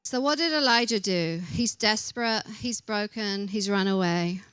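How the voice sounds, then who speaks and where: A young woman gives a casual sermon, warm in her humor and quick to poke fun at herself. Her voice sits at a middle pitch. The sound is dry, with little room around it. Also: clean tone, no echo. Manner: chatty and self-deprecating, acts out quotes. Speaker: preacher.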